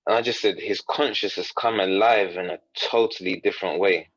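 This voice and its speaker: A man's voice: sits low, fairly even intonation, moderate pace, a bit bright, no echo, dull audio. A man, a coach, earnestly recounting a story in conversation, quoting others and often restarting his sentences. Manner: earnest, retells dialogue in quotes with frequent restarts. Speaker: coach, podcast guest.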